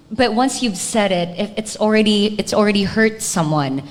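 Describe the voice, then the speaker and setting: A woman's voice: medium pitch, brisk, few pauses, in a large hall. A Filipino woman co-hosting a live podcast, speaking reflectively and dropping Tagalog words into her English. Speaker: podcast co-host.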